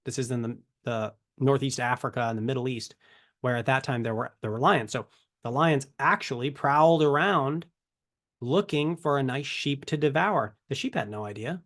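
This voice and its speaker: A man's voice: medium pitch, normal speed, a bit bright. Conversational man teaching scripture. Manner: conversational, rhetorical questions, self-corrections. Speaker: ministry teacher. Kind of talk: casual Bible teaching to camera.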